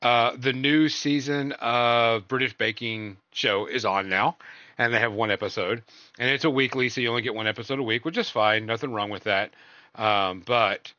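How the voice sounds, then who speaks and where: A man's voice: mid-range voice, normal speed, sharp tone, no echo, lo-fi sound. A man hosting a casual podcast, reviewing shows and films in a rambling way, full of fillers and trailing off. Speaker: podcast host.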